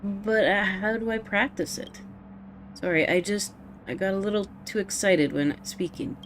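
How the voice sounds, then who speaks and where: A woman's voice: medium pitch, moderate pace, slight background noise, natural voice. A woman voicing a blunt, prickly young woman researcher who talks curtly and defensively, reading game dialogue aloud. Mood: flustered. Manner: curt and defensive.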